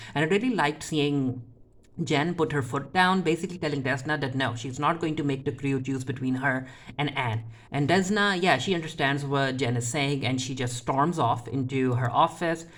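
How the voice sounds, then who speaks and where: A TV episode reviewer in a casual recap, who retells scenes with quick paraphrased quotes and talks in a chatty way, with frequent fillers and restarts. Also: medium pitch, fairly bright tone.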